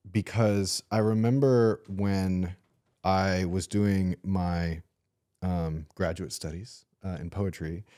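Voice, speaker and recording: Male podcast host, lowish warm voice, appreciative and reflective. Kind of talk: conversational interview.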